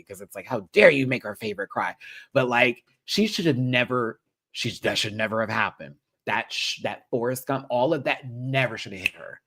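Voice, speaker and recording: A man hosting a reality TV recap show, ranting in a sassy, animated way and swearing freely. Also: mid-range voice.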